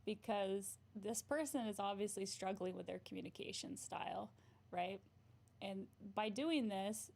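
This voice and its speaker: Brief: young woman therapist hosting a casual stream, slightly gravelly, tags "right?" a lot. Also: medium pitch, a little mellow. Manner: frequent "right?" tag questions, laughs often. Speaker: therapist and livestream host. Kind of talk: casual livestream advice chat.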